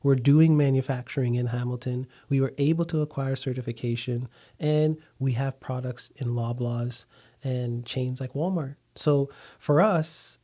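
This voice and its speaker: A man speaks as a podcast guest with a warm, mellow voice, neither high nor low. He tells his business story steadily and thoughtfully, pausing on the odd filler. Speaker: food company founder, guest. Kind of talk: conversational interview.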